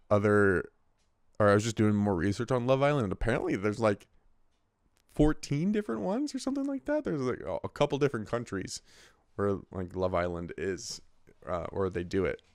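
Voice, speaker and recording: The host, a man in his twenties, delivers a rambling, casual monologue packed with swearing and frequent restarts. His voice is on the low side and smooth, captured in studio quality with no echo.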